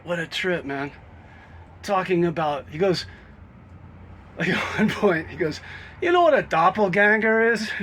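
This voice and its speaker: Musing aloud in his road vlog, this man drifts from topic to topic with occasional laughs, talking outside before moving into his vehicle on a chilly morning. He has a fairly high, fairly bright voice.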